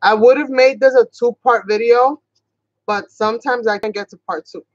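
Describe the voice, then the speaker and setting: A New York woman with a Boston-sounding accent hosts a craft tutorial livestream, chatting casually and rambling, sometimes talking fast. Her voice is on the high side, and the recording is muffled but free of room sound.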